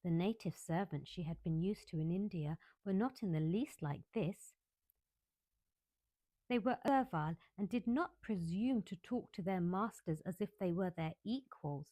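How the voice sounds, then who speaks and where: A woman reads a classic novel aloud as a bedtime story, calm and measured. Her voice sits a little low. The recording is close and dry. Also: no room sound.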